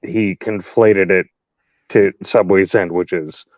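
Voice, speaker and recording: A man's voice: low voice, fairly even intonation, dry recording, lo-fi sound. A man in a casual chat who stammers, restarts and jokes around. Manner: halting, stammering, joking.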